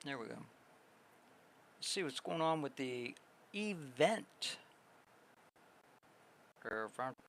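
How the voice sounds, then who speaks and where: A man's voice: medium pitch, lively intonation, slow pace, pauses often, a bit bright, a little hiss or hum. A man live-streaming, chatting casually with his viewers in a rambling way, full of fillers and restarts. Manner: rambling, filler-heavy, talks to chat.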